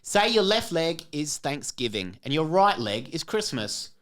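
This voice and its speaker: Animated woman reading corny puns. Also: deep voice, a little slow. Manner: joking, reads corny puns with playful emphasis. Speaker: podcast co-host. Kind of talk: casual comedic podcast chat.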